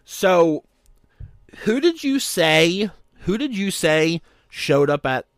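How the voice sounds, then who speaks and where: A man co-hosting a podcast, quizzing his partner on holiday trivia in casual, teasing banter and slowing down to read each question aloud. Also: high-pitched, sing-song, no room sound, clean studio sound.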